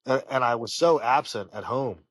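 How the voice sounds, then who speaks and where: A man, a professional fighter, telling personal stories in an interview, halting and full of fillers and restarts. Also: mid-range voice, a bit bright, no room sound. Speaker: professional fighter, podcast guest. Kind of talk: casual interview storytelling.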